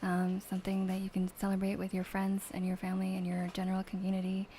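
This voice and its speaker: A young woman reading tarot gently in a whispered role-play, soft and halting with many fillers. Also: medium pitch, monotone, a little hiss or hum, rough recording. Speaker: ASMR streamer reading tarot.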